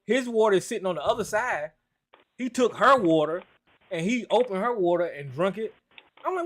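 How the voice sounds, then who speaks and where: Man, high voice, call-in host, blunt, profane, stammering. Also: animated, brisk, a bit bright. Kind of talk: casual call-in talk.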